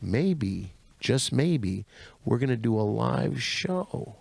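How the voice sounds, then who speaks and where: Bossy comedy host, a man with a gravelly, mid-pitched voice and dry, close sound. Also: expressive, slow, warm tone, no echo. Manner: bossy, scolding, announcer-like. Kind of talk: comedic podcast hosting.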